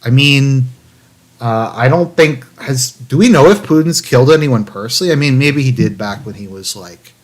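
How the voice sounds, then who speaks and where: A man's expressive, mid-range voice at normal speed carries a live commentary stream where he performs an article in a raised, mock-dramatic style. He rambles, swears, and peppers in sarcastic, dry asides thick with fillers.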